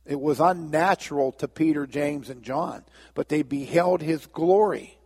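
A man preaching a sermon as pastor, telling a story and acting out the characters' lines in lively voices. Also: a little high, unhurried, breathy edge, in a large hall. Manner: storytelling, acts out biblical dialogue with lively voices.

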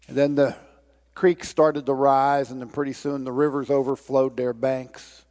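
A man preaching a sermon, telling a story in a drawn-out way. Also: medium pitch, level tone, darkish tone, long reverb tail. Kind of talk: sermon with a told joke.

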